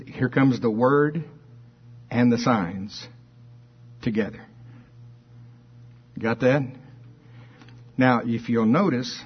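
A man preaches with fervor, his voice husky and a little breathy at mid pitch. He reads scripture with heavy emphasis and throws questions out to his listeners. The recording sounds dull and muffled. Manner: fervent, emphatic preaching with call-and-response questions. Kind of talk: sermon.

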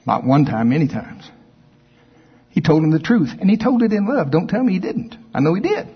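A man preaching a sermon, his husky voice sitting fairly high and swinging widely in pitch as he acts out both sides of imagined exchanges. He talks to his listeners in a conversational way. The recording sounds dull and lo-fi. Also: sing-song, brisk. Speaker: pastor.

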